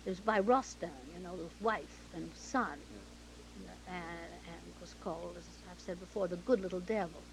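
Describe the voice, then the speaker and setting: A woman's voice: on the low side, normal speed, vocal fry, a little hiss or hum, low-quality recording. A woman from Canada, interviewed about her career, who tells anecdotes vividly and acts out the dialogue of the people in them. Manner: lively storyteller acting out quoted dialogue. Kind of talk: anecdotal storytelling.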